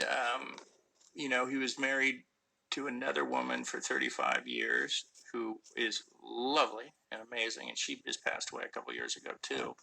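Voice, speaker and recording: A middle-aged actor chatting casually on a phone live stream, answering fan questions with lots of ums and restarts. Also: male voice, medium pitch, gravelly, bright, forceful tone, slight background noise, low-quality recording. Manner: rambling, many fillers and restarts.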